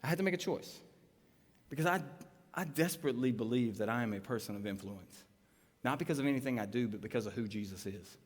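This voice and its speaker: A man's voice: medium pitch, quick pace, husky. A man, a pastor telling a personal story in a live sermon, acting out the voices in his tale. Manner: animated storytelling with voiced quotes. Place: church auditorium. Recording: live sermon in a large hall.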